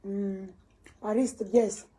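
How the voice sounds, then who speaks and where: A woman vlogger with a Nigerian Pidgin accent, ranting on camera and swinging from low muttering to loud, high scolding. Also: fairly even intonation, slow, a little hiss or hum. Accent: Nigerian Pidgin English. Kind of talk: casual ranting vlog.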